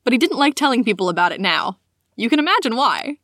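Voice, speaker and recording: A higher-pitched woman co-hosts a casual podcast and reads listener stories aloud with plenty of animation. She giggles easily between lines. The sound is dry and close to the mic, with no room around it. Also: very animated, quick pace, a bit bright, no echo. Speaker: podcast co-host.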